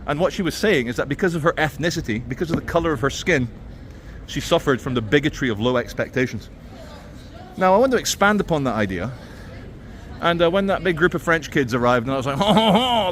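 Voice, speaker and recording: A man's voice: a little high, animated, fast, a bit bright, a little hiss or hum. A man vlogging as he walks outdoors through a city, talking in a sardonic, ranting way. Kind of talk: walking vlog commentary.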